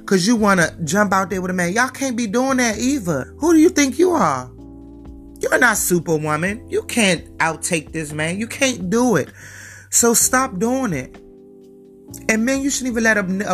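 Woman vlogger, mid-pitched, slangy and preachy, faint music underneath. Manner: emphatic, lecturing, slangy. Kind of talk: direct-to-camera commentary.

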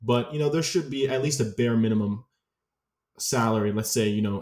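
A man co-hosting a podcast in casual chat, relaxed and easygoing. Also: mid-range voice, moderate pace, echoey room. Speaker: podcast co-host.

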